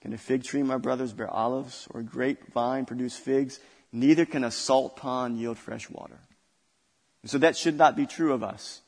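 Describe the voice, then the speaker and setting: A man's voice: mid-range voice, fairly even intonation, moderate pace, darkish tone, in a large hall. A male pastor preaching a sermon, building intensity through repeated phrases. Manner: preaching with rising intensity and repetition.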